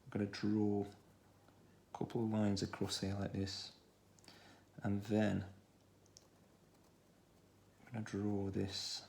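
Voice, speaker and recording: A man with a Stoke-on-Trent accent, talking through a children's drawing tutorial in a relaxed way, thinking aloud as he draws. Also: lowish voice, slow, creaky, long pauses. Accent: Stoke-on-Trent English. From England. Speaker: art tutor.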